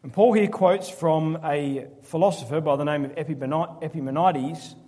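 Sarcastic preacher in a reverberant hall. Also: male voice, fairly high pitch, moderate pace, dark tone. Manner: emphatic preaching with sarcastic asides. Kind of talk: sermon.

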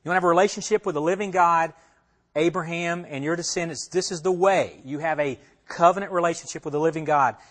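A man's voice: a little high, fast, fairly bright tone. A man teaching a Bible passage as a pastor, conversational, asking his listeners questions and repeating himself as he talks it through. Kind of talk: expository sermon.

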